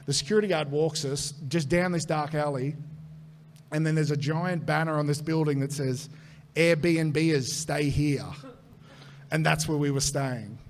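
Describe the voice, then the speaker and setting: With slight background noise, a man with an Australian accent, a comedian guest, relates a long comic story to a live audience, his voice a little high and his pace a little slow. Animated and swearing, he acts out the voices within it.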